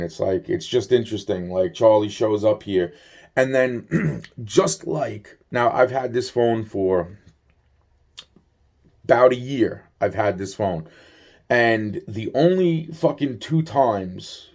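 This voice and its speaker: A man's voice: fairly low pitch, moderate pace, a little mellow. A man talking to the camera in a casual, rambling monologue, cursing constantly and filling every gap with "you know" and "like.".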